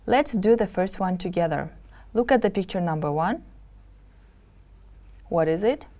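A woman's voice: fairly low pitch, expressive, warm tone. A woman teaching English in a televised lesson. She sounds each word out carefully and repeats it for students to copy. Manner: slow, careful drills with repeated words.

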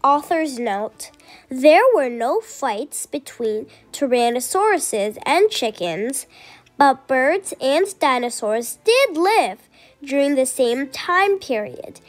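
A high-voiced woman reads a children's book aloud. She reads slowly and expressively, pausing between phrases. Soft music plays faintly underneath. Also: big pitch swings. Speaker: storyteller.

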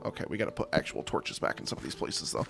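Excitable man narrating his gameplay. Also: fast talker, soft background music. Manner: excitable, chatty, laughs at himself. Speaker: gaming channel host. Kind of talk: casual let's-play commentary.

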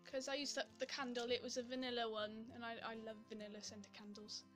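A woman's voice: a little high, little pitch movement, brisk, a bit bright, faint music behind. A young Welsh woman chatting casually to camera about her makeup, rambling and giggling, a little out of breath. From Wales. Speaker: beauty vlogger.

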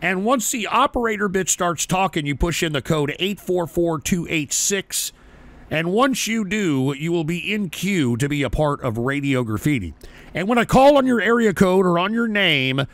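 Brief: brash male call-in host, swinging pitch, lots of cursing, a few drinks in. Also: fairly bright tone, dry recording. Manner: rowdy, swearing, mock-rants at trolls. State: drinking shots on air. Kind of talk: profane call-in show banter.

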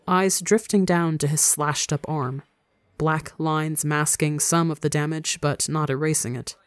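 Calm, dry-sounding story narrator. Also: medium pitch, unhurried, clear, resonant tone, dry recording. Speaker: audiobook reader. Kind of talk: fanfiction audiobook narration.

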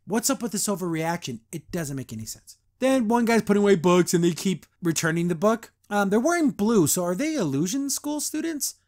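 Chatty high-voiced young man. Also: very animated, darkish tone. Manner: chatty, quotes characters in quick voices, frequent laughs. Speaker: podcast host reviewing a cartoon. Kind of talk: casual reaction commentary.

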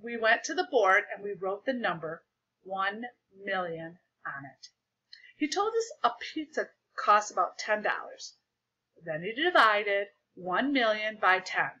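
A woman reading a children's book aloud in an animated, expressive way, in a dull lo-fi recording. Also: medium pitch, a little slow, slight background noise. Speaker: storyteller.

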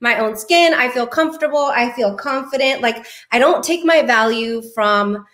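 A woman's voice: a little high, normal speed, fairly bright tone. A woman in her thirties hosting a casual beauty livestream from home, bubbly and effusive as she greets viewers by name. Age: 30s. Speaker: beauty channel host.

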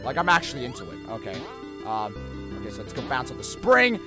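A man hosting a let's-play reaction, jokey and excitable, breaking into shouts. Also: mid-range voice, fast talker, over music. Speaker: gaming channel host.

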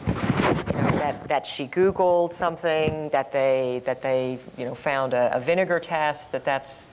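Woman, very low voice, stumbling, repeats words, loud noise. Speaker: workshop participant. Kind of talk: spontaneous feedback.

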